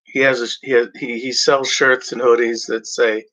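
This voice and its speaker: A man talking casually as a show host, halting with many fillers and restarts. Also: medium pitch, level tone, sharp tone. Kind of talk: casual rambling chat.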